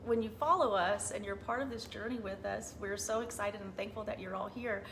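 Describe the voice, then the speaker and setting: A woman co-hosting a casual lifestyle chat with a Southern US accent, chatty and quick to laugh. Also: mid-range voice, fairly bright tone, a little hiss or hum. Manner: bubbly, laughs often, chatty. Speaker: podcast co-host.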